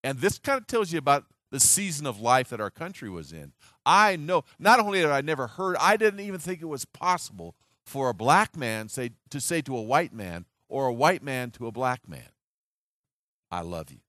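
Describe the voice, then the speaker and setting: A man's voice: mid-range voice, big pitch swings, moderate pace, bright, forceful tone, no room sound, studio quality. A man in his sixties from the United States, preaching a sermon as an earnest story full of restarts and acted quotes.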